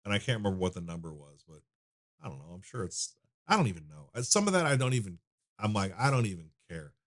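A very animated American man in his thirties, with a deep voice and fast delivery, chats as a podcast guest. He owns a donut shop and tells stories loosely in casual conversation, full of fillers and restarts.

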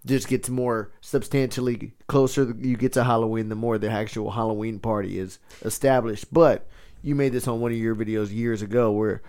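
A man's voice: fairly low pitch, steady tone, normal speed, a little mellow. A man in his thirties hosting a podcast, with upbeat, laid-back banter. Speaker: podcast host. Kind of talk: casual chat.

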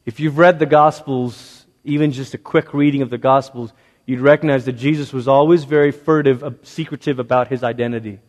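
A man who grew up in Malaysia, preaching a sermon as a pastor with emphatic, repetitive rhetorical phrasing that swings from loud to hushed. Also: mid-range voice, steady tone, fairly quick. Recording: long reverb of a large hall.

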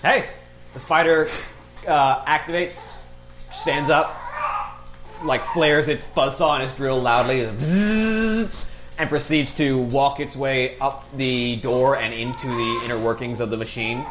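A man's voice: medium pitch, level tone, measured pace, music in the background. Man running a tabletop game, echoey room. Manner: descriptive, explains rules, makes sound effects. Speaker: game master.

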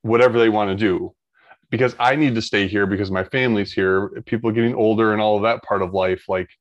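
A man's voice: lowish voice, steady tone, brisk, dry recording, dull audio. A man, talking in a casual podcast chat, rambling with many restarts. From Ohio, United States. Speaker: guest.

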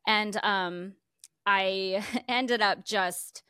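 A woman co-hosting a podcast in casual chat, telling stories in an animated way and laughing often. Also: mid-range voice, drawn-out words, smooth, dry recording, studio quality. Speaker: podcast co-host.

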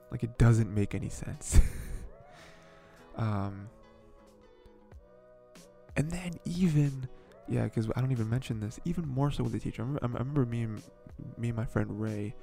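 A man's voice: mid-range voice, moderate pace, gravelly, warm tone, faint music behind. A young man hosting a podcast, talking in a rambling, filler-heavy, exasperated way. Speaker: podcast host. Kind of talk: casual commentary.

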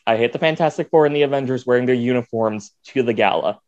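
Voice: medium pitch, quick pace, darkish tone, muffled recording. A guest in a casual chat who rambles, packing the talk with "like" and acted-out quotes.

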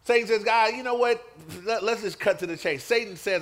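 High-voiced, bright pastor preaching. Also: male voice, a little fast, few pauses. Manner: lively, conversational preaching with calls for amen. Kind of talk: sermon.

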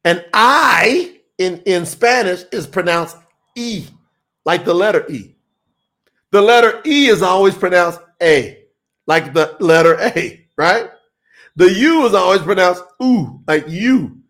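A man's voice: sits high, animated, slow, a bit bright. A man hosting a livestream, teaching on scripture and reading out viewer comments in an emphatic, insistent way. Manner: emphatic, insistent, laughs often.

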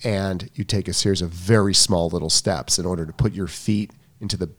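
A man's voice: sits low, steady tone, brisk. New man explaining tennis footwork. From New York. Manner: explains in detail, self-correcting restarts. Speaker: tennis coach. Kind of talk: casual podcast chat.

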